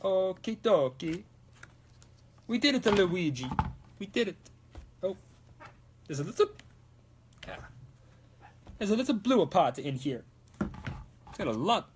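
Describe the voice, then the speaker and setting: A man's voice: high voice, very animated, takes it slowly, long pauses, a little hiss or hum. A young man chatting casually and playfully as he builds a prop, now and then breaking into mock-Italian exclamations. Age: young adult. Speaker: prop-making streamer. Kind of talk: casual chat while crafting.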